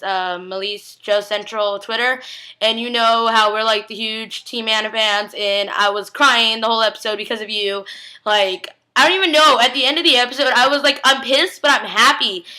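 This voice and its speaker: A woman's voice: a little high, pushed and bright. A young woman chatting casually as she recaps a TV episode, rambling and gushing, with lots of "like" fillers. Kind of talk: casual chat.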